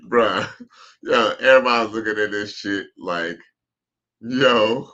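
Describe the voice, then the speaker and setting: A man's voice: on the low side, slow pace, pushed and bright, dull audio. A man casually commenting on a live stream, reading chat comments aloud in laid-back slang.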